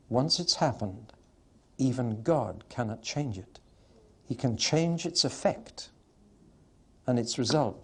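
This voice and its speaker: A man preaching a sermon to a live audience with an emphatic, wry delivery and pauses for effect. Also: medium pitch, breathy edge.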